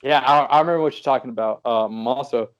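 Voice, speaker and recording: A man's voice: mid-range voice, fast, dull audio. A man in casual podcast chat, joking crudely with his friends.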